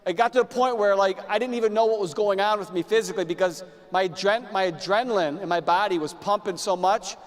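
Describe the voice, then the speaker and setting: Male business speaker, higher register, anecdotal delivery, reverberant hall. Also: quick pace, few pauses. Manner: storytelling, repeats words, acts out his own past lines. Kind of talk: motivational talk to an audience. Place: large room with live audience.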